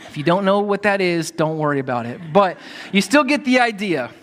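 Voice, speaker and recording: A man's voice: high-pitched, animated, a little fast, a bit bright. A man preaching a sermon as pastor, in a conversational way with direct asides to his listeners.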